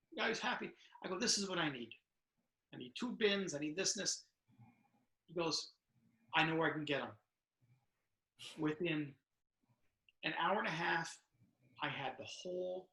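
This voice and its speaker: A man in his fifties with a gravelly, fairly high voice, recounting his years on the job in a loose, anecdotal way and acting out the lines of the people in his stories. He is recorded over a video call in an echoey room. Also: pushed and bright. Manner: storytelling, acts out dialogue, many restarts. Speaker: author and retired correctional officer. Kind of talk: conversational interview answers.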